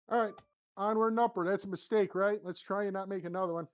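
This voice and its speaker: A man's voice: high-pitched, fairly even intonation, quick pace, dull audio. Man talking through his golf shots. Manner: talks to himself between shots, swings from flustered to upbeat. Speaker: sim golf channel host. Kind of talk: casual play-by-play commentary. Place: home golf simulator studio.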